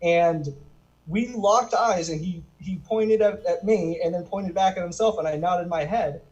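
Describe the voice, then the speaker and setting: A stand-up comedian performs in a virtual comedy show held inside a video game, his high-pitched voice at a measured pace and the highs cut off. His set is rambling and self-deprecating, with lively swings in delivery.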